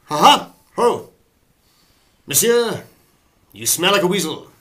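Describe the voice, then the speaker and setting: An actor playing a boisterous, insulting male musketeer with a loud theatrical voice. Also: high voice, sing-song, slow, pitched above the performer's own voice, exaggerated voice.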